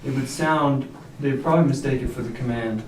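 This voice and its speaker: A man patiently walks a student through a grammar rule, checking often that she follows. His voice comes from a distance in an echoey room. Steady noise runs underneath. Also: medium pitch, a little fast. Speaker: Spanish tutor. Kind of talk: explaining grammar at a whiteboard.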